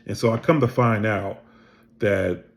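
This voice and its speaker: A middle-aged man telling his own story in a casual, animated way, acting out other people's lines and swearing freely. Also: on the low side, unhurried. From Pennsylvania.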